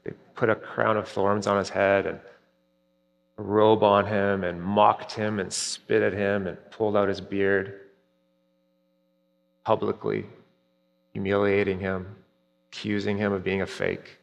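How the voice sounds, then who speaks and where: A man preaching a sermon earnestly, rising for emphasis and dropping soft at key points. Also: fairly low pitch, little pitch movement, measured pace, gravelly, long pauses, muffled recording. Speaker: pastor. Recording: long reverb, hall-like.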